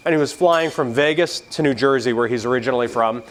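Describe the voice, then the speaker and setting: A man's voice: mid-range voice, fast. A man in his thirties giving a convention keynote, provocative and joking, with a preacher-like delivery. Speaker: keynote speaker. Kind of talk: convention speech. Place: convention stage.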